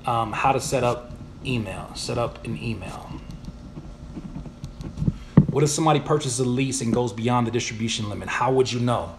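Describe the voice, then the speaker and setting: A man's voice: medium pitch, moderate pace, pauses often, heavy background noise. Slangy man answering viewer questions. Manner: animated, slangy, reads questions aloud then answers. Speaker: YouTuber and music producer answering viewer questions. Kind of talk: casual live Q&A.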